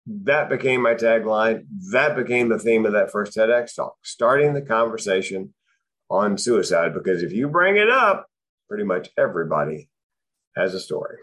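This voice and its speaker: A man's voice: on the low side, expressive, normal speed, fairly bright tone. A man, a comedian and speaker, telling personal stories about depression with dry, punchline-driven timing. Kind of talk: comic storytelling on mental health.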